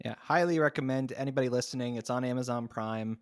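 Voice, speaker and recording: A man's voice: medium pitch, quick pace, dry recording. A man hosting a podcast, chatting casually and eagerly recommending shows, poking fun at himself. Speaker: podcast host. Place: home, recorded remotely.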